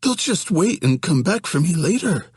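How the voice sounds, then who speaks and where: A man voicing a scared young man who whines and pleads in a husky voice pushed high. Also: sing-song, normal speed, darkish tone, no room sound, studio quality, heavily acted. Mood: panicked. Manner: pleading, whining, voice cracking high.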